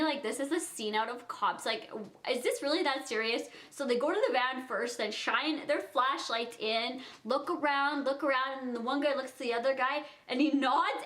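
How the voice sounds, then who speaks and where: A young woman in her twenties telling a storytime vlog, animated and giggly, acting out the quotes. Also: high-pitched. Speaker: vlogger.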